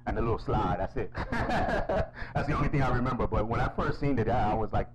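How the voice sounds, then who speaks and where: A man's voice: medium pitch, animated, a little fast, a loud crowd, poor audio. A man hosting a casual interview, joking and laughing often. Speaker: host.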